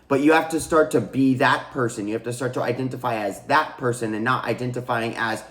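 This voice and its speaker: This is a man giving an unscripted spiritual teaching to camera, at a middle pitch. He is earnest and repetitive, restarting his sentences and calling his audience guys. His voice rings in a noticeably echoey room. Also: fairly even intonation, a little fast, fairly bright tone. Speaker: spiritual coach and channel host. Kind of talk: casual spiritual teaching monologue.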